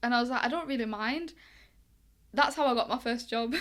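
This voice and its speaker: A woman's voice: on the high side, brisk. A young woman from England, telling stories in a casual interview and acting out the dialogue. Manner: chatty, lively, acts out quoted dialogue. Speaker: guest, boxing coach.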